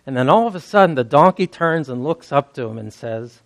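A man's voice: a little high, lively intonation, brisk, vocal fry. A man preaching, retelling a story in a casual, conversational way. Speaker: pastor. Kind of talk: sermon storytelling.

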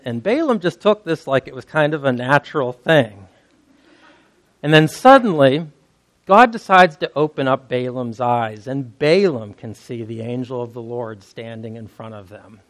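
A man preaching, retelling a story in a casual, conversational way. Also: mid-range voice. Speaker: pastor. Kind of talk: sermon storytelling.

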